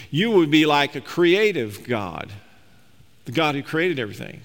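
A pastor preaches a sermon, reading scripture aloud and explaining it with emphatic, rising delivery. His fairly high, expressive voice is fairly quick with a fairly bright tone, and a large hall's long reverb surrounds it.

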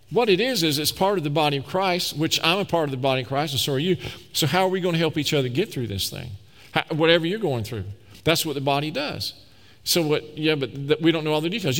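A man's voice: fairly high pitch, a bit bright. A man preaching a sermon as pastor, talking conversationally and emphatically, acting out little quoted voices. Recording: reverberant hall.

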